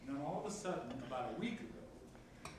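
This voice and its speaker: A man, an artistic director, speaking excitedly to an audience and rambling with many restarts. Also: a little high, a little fast. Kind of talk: speech to an audience. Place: event room with audience. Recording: echoey room, distant mic, noise.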